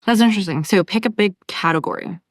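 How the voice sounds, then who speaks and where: A woman's voice: mid-range voice, quick pace, no echo, studio quality. A woman hosting a business podcast, summing up her guest's points and asking follow-up questions. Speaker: podcast host. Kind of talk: interviewing.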